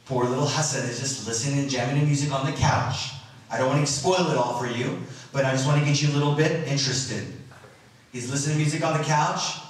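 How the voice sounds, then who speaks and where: A man's voice: medium pitch, quick pace. A man giving a religious lecture to a live audience, speaking earnestly and emotively and addressing his listeners directly. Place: school hall. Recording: very echoey hall, voice from far off.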